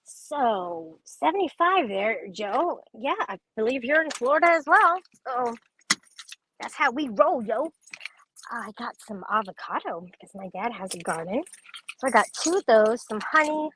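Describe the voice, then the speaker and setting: A woman's voice: fairly high pitch, lively intonation, unhurried, background noise. A young woman chatting casually on a livestream, reading viewer comments, laughing often and swearing freely.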